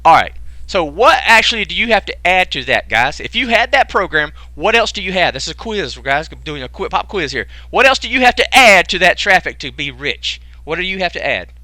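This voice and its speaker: A man's voice: high-pitched, very animated, a little fast, bright, forceful tone, no echo. A man hosting an online sales webinar, joking around and firing off rhetorical questions in folksy slang. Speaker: webinar host pitching a business program. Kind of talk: casual sales pitch to a live online audience.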